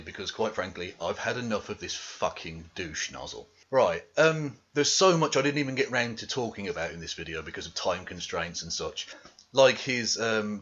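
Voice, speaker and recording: A man's voice: on the low side, bright, forceful tone, dull audio, a little hiss or hum. A man delivering a profane, scornful commentary rant as a video host. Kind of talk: ranting commentary monologue.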